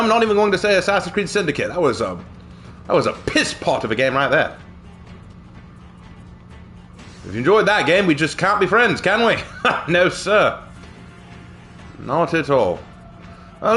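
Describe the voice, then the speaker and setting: A man streaming a game hams up an over-the-top fake British accent, lobbing in stock posh phrases with a jokey, theatrical flair. His voice sits a bit high and rings bright and forceful, with faint game music underneath. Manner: exaggerated mock British accent put on for laughs. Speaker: gaming streamer. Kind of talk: live gameplay commentary.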